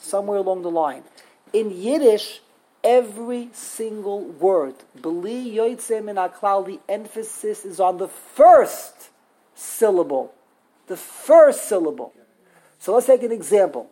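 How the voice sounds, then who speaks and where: A woman with a husky, slightly breathy voice leads a classroom lesson on Hebrew grammar. She talks emphatically, repeats her points, and sounds out words slowly, one syllable at a time. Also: mid-range voice, warm tone, rough recording.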